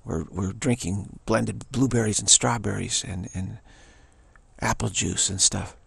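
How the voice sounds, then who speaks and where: Man, low gravelly voice, husky, dry close sound, rambling spiritual monologue. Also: steady tone, no echo. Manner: digressive, repeats himself, halting restarts. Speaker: spiritual teacher.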